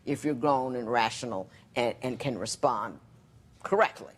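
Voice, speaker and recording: A woman's voice: very deep voice, moderate pace, breathy edge. Blunt, folksy woman judge. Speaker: TV court judge. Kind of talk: advice to a couple.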